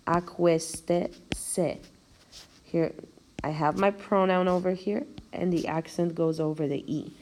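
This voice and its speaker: A woman's voice: lowish voice, fairly even intonation, a little mellow, slight background noise. A woman teacher giving a recorded video lecture, explaining step by step and counting out syllables with care. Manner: slow, careful explanation, spelling out syllables. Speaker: language teacher.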